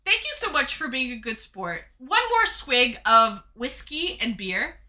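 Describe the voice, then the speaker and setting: Bright, bubbly woman streamer. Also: sits high, big pitch swings, unhurried. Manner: effusive, bubbly, playful. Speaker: streamer hosting viewer dates. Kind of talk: casual live-stream chat.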